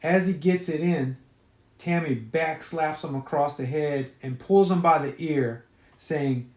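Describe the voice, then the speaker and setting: A man's voice: on the high side, a little slow, a little mellow. A man reading his own horror story aloud in a casual storytelling manner, with occasional fillers. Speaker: author. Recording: roomy echo.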